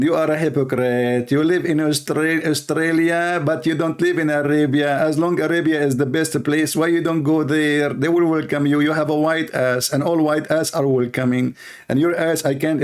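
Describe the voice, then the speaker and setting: A man ranting through an online commentary in a blunt, mocking way. He repeats his points, slips in insults and drops his voice low for asides. His pitch sits at an ordinary middle level. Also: a little mellow.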